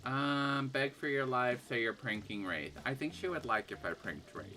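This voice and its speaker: A woman's voice: a bass voice, normal speed, bright, forceful tone, soft background music. A woman streaming a dating game, reading its text aloud and reacting with laughs and shrieks. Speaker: gaming streamer.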